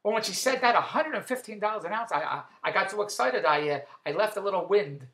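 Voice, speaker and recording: A man's voice: sits high, expressive, fairly bright tone. A middle-aged man giving a comic birthday monologue for his wife, firing off old-school one-liners and repeating the punchlines. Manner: rapid-fire old-school joke telling, repeating punchlines. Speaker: husband sending a birthday message. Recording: echoey room.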